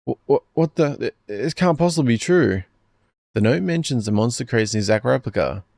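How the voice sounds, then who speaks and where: A man's voice: expressive, brisk, vocal fry, a little mellow, no echo. A man voicing a frightened teenage schoolgirl in a horror game, stammering and pleading in a raised voice. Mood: shaken. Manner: stammering, high-pitched pleading.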